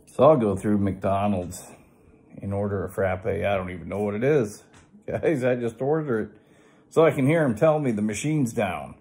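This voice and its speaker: A man's voice: lowish voice, moderate pace, a little mellow, slightly rough. A man doing a sarcastic stand-up routine as a trucker, telling wry stories. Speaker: trucker comedian. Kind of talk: stand-up comedy how-to monologue.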